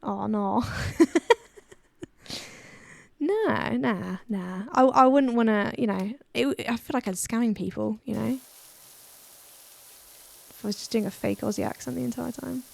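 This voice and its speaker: A woman's voice: fairly high pitch, unhurried, vocal fry, pauses often, no echo. A woman streaming a game, chatting casually, giggling and reading chat aloud, her voice a little worn. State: voice a bit worn.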